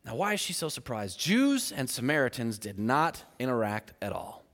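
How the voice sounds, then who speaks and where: Guy preaching a sermon, acts out the bible voices, really lively swoopy delivery, echo of a big hall. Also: medium pitch, normal speed. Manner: animated, acts out the voices in the scripture story.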